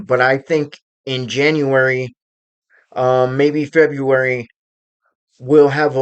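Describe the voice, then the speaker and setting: A man at an ordinary middle pitch hosts his own commentary video. He speaks off the cuff about current events and often stops to search for the next word. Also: clean tone. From United States. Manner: unscripted, pausing often to find words. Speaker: channel host.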